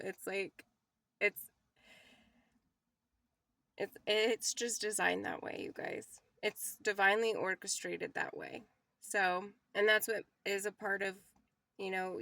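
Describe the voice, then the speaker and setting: A woman's voice: medium pitch, gravelly, bright, forceful tone, dry recording. A young woman giving a casual, rambling spiritual card reading to her viewers, emotional and laughing often. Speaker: tarot reader.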